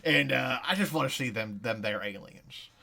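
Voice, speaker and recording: A man putting on the voice of a folksy older male senator who asks politely for a favor, in a high drawl. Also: expressive, moderate pace, vocal fry, bright, forceful tone. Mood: wheedling.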